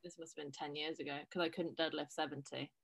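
A woman co-hosting a casual fitness chat, frank and quick to swear. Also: deep voice, flat delivery, gravelly, husky.

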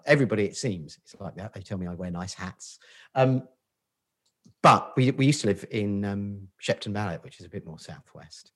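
Podcast guest, male, Portsmouth accent, husky voice, casual and sweary self-deprecating banter. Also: lowish voice. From Portsmouth, England. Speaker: guest, marketing agency founder.

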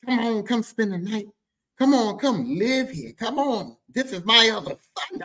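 A woman's voice: on the high side, animated, measured pace, a bit bright, far from the mic, slight background noise, pitched above the performer's own voice. A man doing his coaxing, welcoming mom. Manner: coaxing, repetitive. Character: welcoming mother calling kids in.

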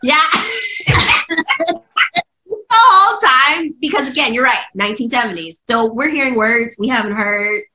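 A woman co-hosting a casual chat, animated and quick to laugh. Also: sits high, poor audio. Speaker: podcast co-host. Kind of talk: casual discussion.

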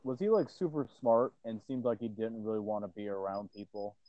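A man's voice: fairly low pitch, a little fast. A man chatting casually and easygoing, trailing into hesitant restarts as he remembers. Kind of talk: casual chat. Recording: dull lo-fi audio.

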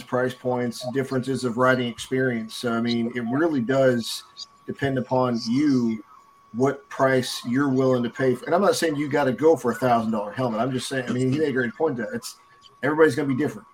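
A man from the United States who talks fast and hedges every point with "I mean". His voice is mid-pitched for a man. A faint hiss sits under the recording. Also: steady tone, rough recording. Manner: hedging, lots of "I mean". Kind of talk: casual group chat.

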